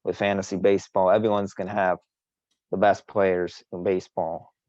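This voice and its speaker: A man's voice: low-pitched, flat delivery, moderate pace, darkish tone, no room sound, dull audio. A man co-hosting a casual sports podcast, boastful and teasing, rambling with frequent restarts. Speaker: podcast co-host.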